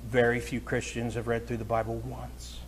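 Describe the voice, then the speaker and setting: A man's voice: medium pitch, completely flat delivery, normal speed, a little hiss or hum. A pastor preaching a conversational, folksy sermon to his congregation, chatting with listeners and then building to emphatic, raised points.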